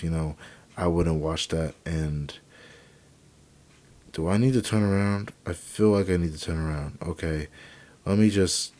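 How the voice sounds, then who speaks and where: A young man quietly commenting on a truck driving game at home at night, rambling with lots of fillers and restarts on a cheap desk microphone. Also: sits low. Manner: hushed, quiet talking to avoid waking family. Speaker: let's play gamer. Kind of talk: casual gameplay commentary.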